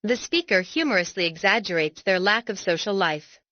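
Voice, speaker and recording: A woman giving a scripted explanatory narration for an educational video, reading in a measured, deliberate way. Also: mid-range voice, expressive, pushed and bright, no echo, dull audio.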